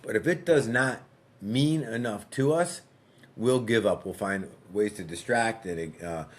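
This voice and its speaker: A man, a podcast guest and fitness coach, telling a story in a relaxed, conversational way and acting out dialogue as he goes. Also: lowish voice, a little slow. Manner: frequent fillers and restarts.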